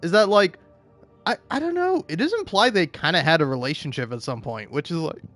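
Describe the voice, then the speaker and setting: A man streaming and chatting casually, rambling with lots of profanity and stumbling restarts, breaking into high-pitched rants. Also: lively intonation, brisk, a bit bright, faint music behind. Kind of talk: casual chat while gaming.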